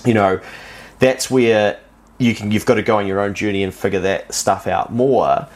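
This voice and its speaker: Lowish-voiced New man, blunt. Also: moderate pace. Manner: loose and blunt, swears freely. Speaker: podcast guest. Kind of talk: casual chat.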